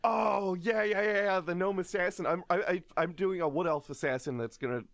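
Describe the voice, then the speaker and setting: This is a man chatting casually as a podcast co-host. His voice sits a little high and reaches the listener through a close, dry mic. He rambles with plenty of fillers and restarts and swears freely. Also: a little fast, creaky, no echo, dull audio. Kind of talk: casual chat.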